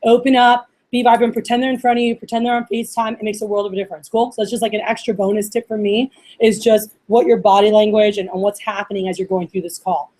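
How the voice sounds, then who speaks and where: A woman leading a live training workshop for a group, talking in an animated way, acting out phone calls and often checking in with "all right?". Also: mid-range voice, quick pace.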